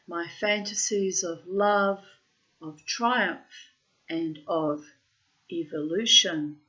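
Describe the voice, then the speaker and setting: A woman reads her personal diary aloud in a slow, unhurried way, leaning dramatically into her words and swearing bluntly. The recording is slightly muffled and lo-fi. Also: lowish voice, fairly bright tone. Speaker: diarist reading her own entries.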